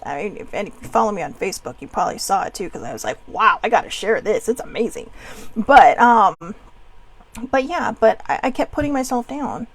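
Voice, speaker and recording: A woman's voice: mid-range voice, vocal fry. A middle-aged woman hosting a casual self-care talk, chatty and encouraging, with self-mocking asides. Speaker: self-care show host.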